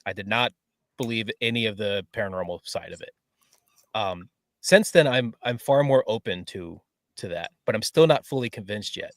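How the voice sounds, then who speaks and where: A man's voice: fairly low pitch, moderate pace, no echo. Thoughtful man asking questions, dry sound. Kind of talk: casual interview chat.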